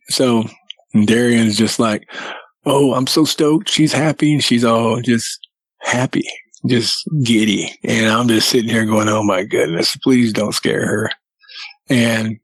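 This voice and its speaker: A man's voice: mid-range voice, no echo, poor audio. Man animatedly telling a campfire-style story. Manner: animated storyteller who acts out quotes. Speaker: podcast guest telling a sighting story. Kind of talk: casual storytelling.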